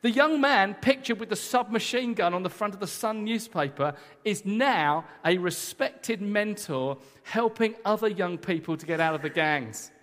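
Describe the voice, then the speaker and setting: Male preacher, lively and joking, high voice, long hall reverb. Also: normal speed, hardly any pauses. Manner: energetic, emphatic, joking with the congregation. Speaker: guest preacher. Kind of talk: sermon. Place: church hall.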